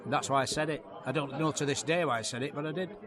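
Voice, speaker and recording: A man's voice: fairly high pitch, quick pace. A man, a comedian telling stories in an interview, acting out voices and laughing often. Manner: lively storyteller, acts out voices, laughs often. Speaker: comedian guest. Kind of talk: anecdotal interview chat. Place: outdoor launch event. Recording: busy crowd behind. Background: crowd chatter.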